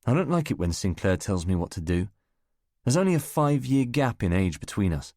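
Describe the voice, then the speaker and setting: A man reading a first-person spy novel as an audiobook narrator, measured and wry. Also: fairly low pitch, a little mellow, no room sound, studio quality.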